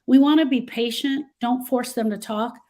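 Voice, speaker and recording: A woman's voice: on the high side, moderate pace, darkish tone. A woman grief specialist giving earnest, emphatic advice in a discussion. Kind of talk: instructive discussion.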